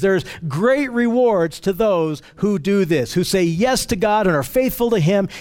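A man leading a verse-by-verse Bible teaching in an earnest, emphatic way. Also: high voice. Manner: earnest, emphatic, with frequent restarts.

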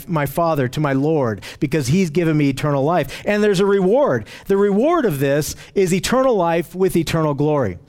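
Male Bible teacher, high-pitched, emphatic and earnest; restarts often mid-sentence. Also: darkish tone.

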